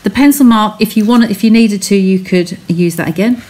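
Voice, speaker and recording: A woman's voice: medium pitch, moderate pace, darkish tone, a little hiss or hum. A woman chatting as she talks viewers through a craft technique step by step on a live stream from her home studio. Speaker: craft demonstrator.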